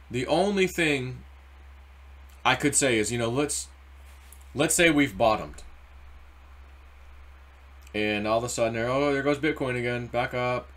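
A man in the middle of his normal pitch range, chatting casually about markets. He rambles from one thought to the next. He jumps into quick acted-out quotes along the way. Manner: rambling, animated, acts out quoted voices. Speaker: crypto video host.

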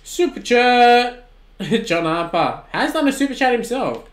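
An Australian man in his twenties streaming a football video game, shouting at the plays and then chatting casually with viewers. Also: high-pitched, normal speed, reverberant. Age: 20s. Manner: excitable, swings from shouting at the game to relaxed chat. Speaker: gaming streamer. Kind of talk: live-stream commentary and chat replies.

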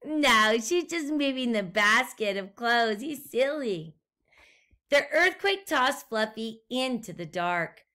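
A woman teacher reading a storybook aloud to young children and asking them gentle questions. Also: a little high, animated. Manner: gentle, slow, questions to the listener.

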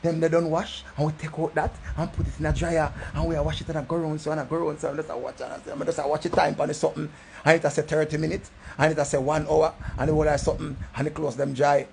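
Middle-aged Jamaican man, gravelly voice, rambling comic storyteller, drops low then erupts loud. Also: flat delivery, quick pace, a little hiss or hum. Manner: swings from low mutters to loud outbursts. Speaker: comedic storyteller.

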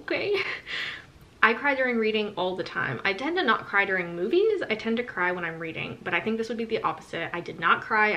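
A woman's voice: medium pitch, pushed and bright. A woman giving a candid, chatty book review to camera, often breaking into laughter. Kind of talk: casual spoken book review.

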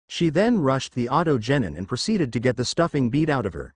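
A man reading fanfiction aloud as a narrator, in a steady read-aloud delivery. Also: medium pitch, normal speed, hardly any pauses, dry recording, clean studio sound.

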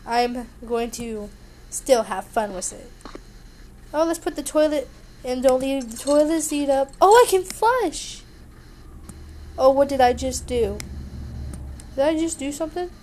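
A high-voiced young woman talks her way through a horror game in a chatty, sing-songy way, joking and sarcastic as she goes. Her voice is bright and youthful, and a faint hiss sits under the home mic recording. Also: poor audio. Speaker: gaming YouTuber. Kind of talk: horror game let's play commentary.

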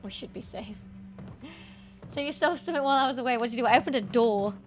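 Speaking fast in a slightly high voice, a woman provides gaming stream commentary as she plays a horror title. She chats with viewers, swears, and screams at the scares.

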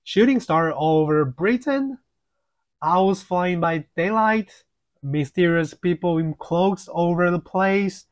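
Brief: man reads a jittery, hesitant storybook husband; slightly high, slow and halting. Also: animated. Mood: uneasy. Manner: hesitant, mumbling, with halting pauses. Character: nervous middle-aged man, fussy and uneasy. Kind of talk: audiobook reading.

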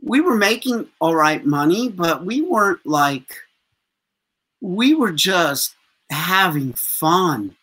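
A man in his fifties, a street performer telling profane stories with lots of laughter as a guest. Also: on the high side. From USA. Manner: animated, profane, laughs often. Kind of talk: casual storytelling interview.

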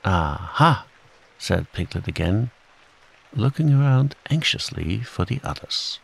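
A man narrating a children's classic as a calm, relaxing bedtime story, with rain falling behind him. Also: on the low side, creaky, poor audio. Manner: gentle, relaxing. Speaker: audiobook narrator.

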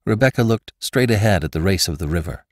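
A man reads a classic tale aloud in scripted, expressive narration. His voice is very deep, with a lively, varied intonation. The recording is dry and close. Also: quick pace, no room sound. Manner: expressive reading. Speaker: podcast narrator.

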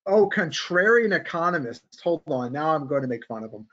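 A man hosts a casual stock trading podcast, and he talks in an animated, sarcastic, ranting manner. His voice sits fairly high for a man. The recording sounds dull and lo-fi. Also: fairly quick, a loud crowd. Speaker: podcast host.

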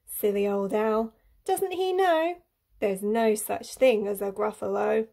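A woman's voice: mid-range voice, takes it slowly, creaky, dark tone. A woman voicing a boastful, clever little male mouse in a sing-song rhyming manner. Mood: cheeky.

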